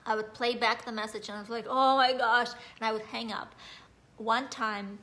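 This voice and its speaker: A woman's voice: fairly high pitch, little pitch movement, brisk, bright, forceful tone. A woman from Russia, giving a rambling, earnest motivational talk on mindset, with a slightly nasal voice and many fillers. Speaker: mindset coach.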